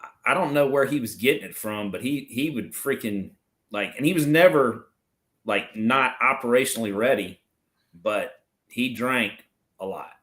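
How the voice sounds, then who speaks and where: A man's voice: medium pitch, lively intonation, normal speed, fairly bright tone. A middle-aged man, a retired Marine officer, telling blunt, profane stories in a casual interview. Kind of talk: casual storytelling chat.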